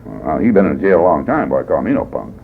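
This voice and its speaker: In a meeting hall, a Californian man tells his story at a recovery meeting, rambling folksily and often tossing in "boy" and "you know." His voice is extremely low, creaky, very animated and fairly quick. The recording is tinny, phone-like 1980s tape with faint hiss.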